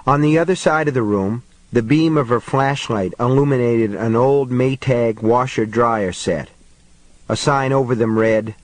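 A man's voice: medium pitch, a little slow, no room sound, poor audio. Man narrating an audiobook, dry and close.

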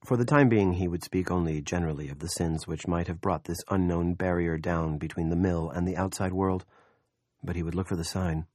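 This is a deep-voiced male audiobook narrator delivering scripted narration in a steady, measured storytelling manner. The studio sound is clean, with no room sound.

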